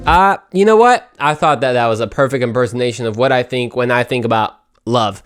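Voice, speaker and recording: A man's voice: medium pitch, fairly quick, hardly any pauses, over music. A young man hosting his own podcast, talking in an upbeat, chatty way with playful asides. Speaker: podcast host. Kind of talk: casual solo podcast monologue.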